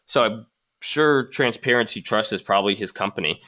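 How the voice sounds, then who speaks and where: A man in a casual response video, picking apart comments from viewers one by one. His voice sits slightly low, with a bright, forward edge that keeps every rebuttal pointed. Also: moderate pace. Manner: argumentative, reads viewer comments aloud and rebuts them. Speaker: trading channel host responding to comments.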